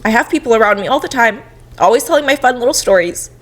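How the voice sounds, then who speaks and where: A woman's voice: a little high, expressive, fast talker. A young woman co-hosting a podcast, talking openly and emotionally while crying and laughing through tears. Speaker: podcast co-host. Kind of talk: casual heartfelt chat.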